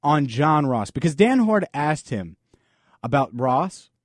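A man's voice: on the high side, big pitch swings, takes it slowly, no room sound. A man hosting a sports talk podcast, delivering an emphatic, opinionated monologue full of rhetorical questions. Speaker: podcast host.

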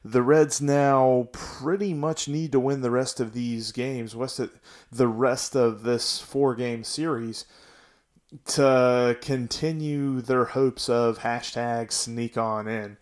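A man's voice: medium pitch, fairly even intonation, slow. Give me a man talking sports on his podcast, casual and a bit fed up, restarting his sentences. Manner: frustrated, rambling, with restarts. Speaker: podcast host.

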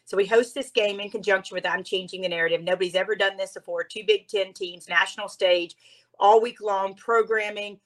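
A woman guest in an interview, telling a personal story in a heartfelt, animated way, at times close to tears. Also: medium pitch, fairly quick.

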